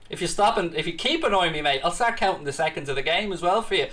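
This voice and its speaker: Hosting a live football watchalong, this man with a British accent talks fast and on the high side, barely pausing, his tone a bit bright. He switches between calling the action and cheekily teasing people in the chat.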